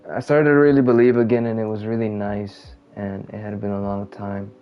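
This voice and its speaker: A man casually venting about his life while playing a game, rambling and halting, often trailing off quietly. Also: fairly low pitch, little pitch movement. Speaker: gamer venting. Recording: muffled lo-fi audio with faint game music.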